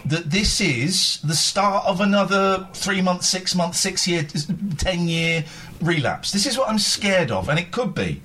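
A man's voice: high-pitched, expressive, unhurried, bright, forceful tone, breathy edge. A man hosting a radio show, talking candidly and earnestly, stopping and restarting often as he confesses.

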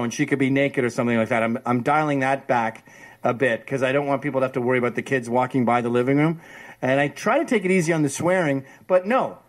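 A brash male host jokes his way through casual talk on his show. His voice sits a little high, and he keeps the tone loose. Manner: brash, joking.

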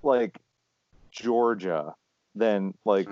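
A man co-hosting a podcast, telling stories in a rambling, animated casual chat. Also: lowish voice, extremely slow, dry recording. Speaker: podcast co-host. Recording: dull lo-fi sound.

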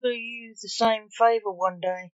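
Grim snappish otherworldly male coroner, voiced by a woman, grieving and vengeful, slow, lo-fi read. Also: on the high side, steady tone, clear, resonant tone, dry recording, pitched above the performer's own voice, lightly acted. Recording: dull lo-fi recording.

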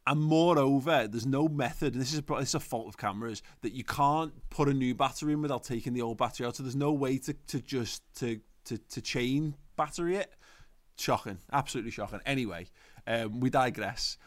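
A man in his thirties talks loosely as a podcast co-host. He rambles, swears freely and trips over restarts, and his pitch sits in the middle. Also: brisk. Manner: rambling, sweary, self-interrupting. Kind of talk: casual chat.

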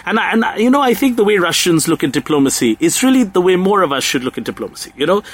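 A man's voice: high voice, very animated, quick pace, husky. Ironic man in mock-earnest chat. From India. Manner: ironic, mock-earnest, laughs at his own jokes. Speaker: comedy podcast co-host. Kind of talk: satirical comedy chat.

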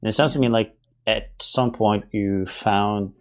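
A podcast host giving steady short agreements and summing up what the guest says. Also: mid-range voice, measured pace. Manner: supportive, frequent short backchannels. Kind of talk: casual interview talk.

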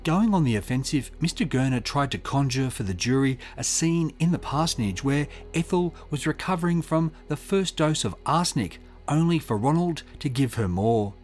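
A man giving measured, scripted true-crime narration and reading out quotes. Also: medium pitch, animated, a little mellow, soft background music. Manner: measured, reads quotes aloud.

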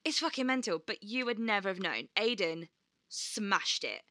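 A woman's voice: medium pitch, lively intonation, moderate pace, bright, forceful tone, dry recording. A woman co-hosting a podcast, telling stories animatedly and swearing freely as she acts out quotes. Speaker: podcast co-host. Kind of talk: casual chat.

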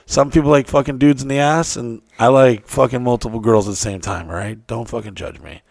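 A man's voice: medium pitch, fairly quick, gravelly, a little mellow, dry recording, studio quality. A young man in casual chat, telling crude stories in a rambling, loose way.

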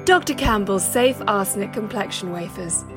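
Woman with a deadpan mock-advert read. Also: mid-range voice, moderate pace, over music. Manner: deadpan mock-salesy delivery. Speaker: spoof advert voice.

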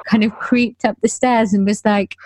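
A woman's voice: mid-range voice, fairly even intonation, normal speed, darkish tone, no echo. A woman in her thirties telling a personal story in casual chat, rambling with self-corrections and nervous laughs.

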